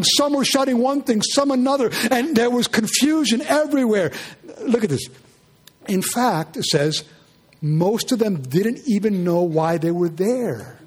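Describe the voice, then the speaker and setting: A pastor preaching a sermon, animated and firing rhetorical questions at his congregation. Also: very high voice, breathy edge.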